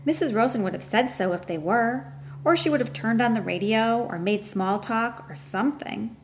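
A woman reading a first-person novel aloud in a measured, earnest storytelling voice. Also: on the high side, slight background noise. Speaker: audiobook narrator.

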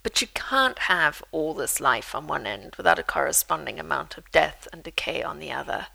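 A woman's voice: low-pitched, normal speed, gravelly, poor audio. A woman author reading from her memoir and telling stories with dry humor. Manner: lively storyteller, dry humor.

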